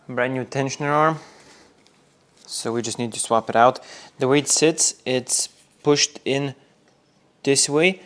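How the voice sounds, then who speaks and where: A man hosting a car restoration video, explaining each step casually while he works in a garage workshop. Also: mid-range voice. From Norway.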